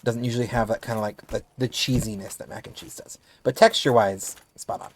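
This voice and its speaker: A man's voice: medium pitch, flat delivery, quick pace, a little hiss or hum. A man with a lisp, a game streamer from the United States, chatting casually with his viewers and thinking aloud with restarts as he plays. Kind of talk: casual chat with stream viewers while gaming.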